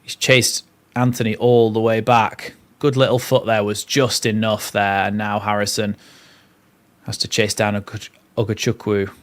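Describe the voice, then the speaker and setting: A man's voice: on the low side, level tone, moderate pace. A young man hosting a live watchalong, mixing play-by-play with chatty, rambling asides. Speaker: fan channel host.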